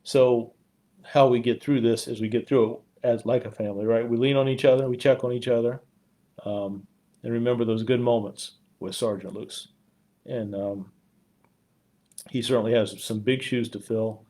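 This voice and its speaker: A man, a police chief, talking warmly and haltingly on a live community stream, choked up at times and full of fillers. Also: medium pitch, steady tone. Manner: heartfelt, rambling, frequent fillers. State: choked up with emotion.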